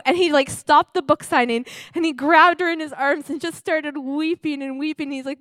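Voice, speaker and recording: A woman's voice: high-pitched, moderate pace, a bit bright, no echo. A young adult woman giving a heartfelt sermon, telling stories in a conversational way with many fillers. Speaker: preacher. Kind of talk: sermon with storytelling.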